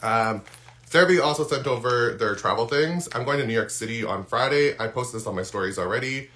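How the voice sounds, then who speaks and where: A man's voice: medium pitch, a little fast, bright, forceful tone. A man who is losing his voice, chatting casually through a live unboxing with lots of ums and restarts. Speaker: skincare content creator. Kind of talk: live-stream unboxing chat.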